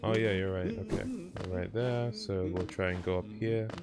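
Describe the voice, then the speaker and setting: A man's voice: deep voice, fairly even intonation, normal speed, loud music behind the voice. A young man streaming a video game, chatting casually and reacting to his chat over noisy audio. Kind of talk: casual live-stream commentary.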